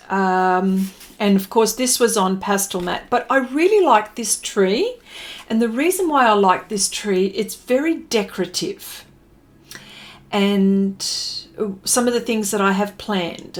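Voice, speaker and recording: An Australian woman hosting her art livestream, chatting casually and greeting viewers by name. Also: medium pitch. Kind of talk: casual live-stream chat. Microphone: desk microphone.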